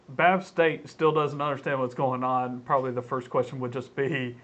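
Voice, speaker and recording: A woman's voice: sits low, sing-song, moderate pace, fairly bright tone. A woman playing in a tabletop game, giggling and thinking aloud about her character's reactions. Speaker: player. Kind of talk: casual tabletop role-play.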